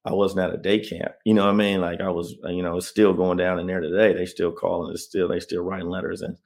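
A man's voice: sits low, level tone, fast talker, darkish tone. A man as an interview guest, telling his personal story in a conversational way and often checking in with the listener. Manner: conversational, often adds "you know what I mean".

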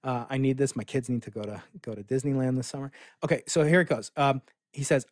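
American guy rambling excitedly on a podcast, lots of uhs, medium voice, dead dry sound. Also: mid-range voice, quick pace, no echo. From United States. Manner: enthusiastic, rambling with many fillers and restarts. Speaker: physicist guest. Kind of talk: casual interview storytelling.

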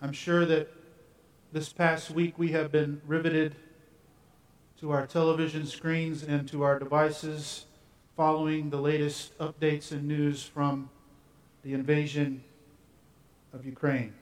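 A man preaching a sermon, first reading scripture and then telling stories in a measured way. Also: on the high side, little pitch movement, recorded from a distance. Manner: measured reading that shifts into storytelling. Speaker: pastor. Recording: roomy sound, from away from the mic.

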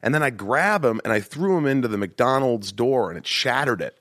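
A man hosting a podcast, telling self-mocking stories in a casual, animated way and slipping into acted voices. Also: mid-range voice, brisk, no room sound, studio quality. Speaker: podcast host. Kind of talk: casual storytelling chat.

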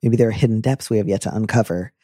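A man's voice: lowish voice, warm tone, no echo, studio quality. A man hosting an advice show in a casual, joking chat. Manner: playful, joking, quick asides. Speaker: advice podcast host.

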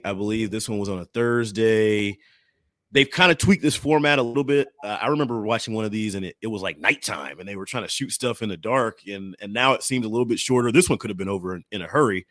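A man's voice: lowish voice, fairly bright tone, no echo, studio quality. A man hosting a sports podcast, chatting casually and laughing easily with his co-host.

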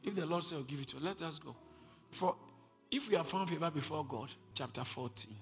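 A man preaching a sermon, moving between quiet teaching and shouted, repeated declarations. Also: fairly high pitch, brisk. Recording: long hall reverb with faint music.

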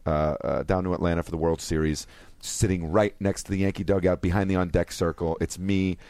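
Male podcast guest, lowish voice, excitable, loose and casual. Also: brisk, no room sound. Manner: excitable, loose, peppered with "man" and "bro". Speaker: actor guest. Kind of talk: casual chat, telling anecdotes.

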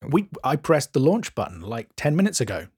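An English man co-hosting a casual podcast about audio mastering, dry and self-deprecating, laying out his points slowly and deliberately. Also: mid-range voice, big pitch swings, darkish tone, husky. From England. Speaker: co-host, mastering engineer.

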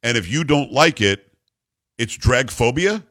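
A man's voice: mid-range voice, measured pace. A middle-aged American man hosting a talk radio show, sarcastic and opinionated as he riffs with his co-host. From United States. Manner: animated, sarcastic, riffing with a co-host.

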